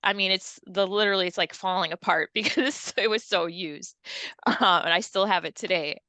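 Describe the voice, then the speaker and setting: A woman's voice: mid-range voice, moderate pace, sharp tone, no echo. A woman in her thirties, a language teacher, chatting in an interview, upbeat and laughing often as she demonstrates sounds. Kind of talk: casual interview chat.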